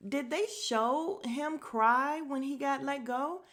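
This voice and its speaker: A woman's voice: high-pitched, slow pace, fairly bright tone. A woman hosting a podcast, chatting casually and gossiping through a reality show recap, talking to her listeners with fillers and asides. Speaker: podcast host.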